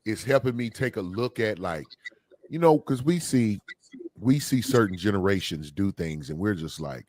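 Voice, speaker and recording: Brief: male podcast host, very low voice, dry close sound, lively and exclaiming. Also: moderate pace, no room sound. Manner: animated, exclaiming, reads out viewer comments. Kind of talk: casual podcast conversation.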